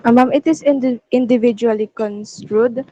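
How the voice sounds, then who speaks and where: A woman's voice: a little high, steady tone, normal speed, mellow. Hesitant female student, dull call audio. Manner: hesitant, restarting words. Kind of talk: class recitation. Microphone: video call.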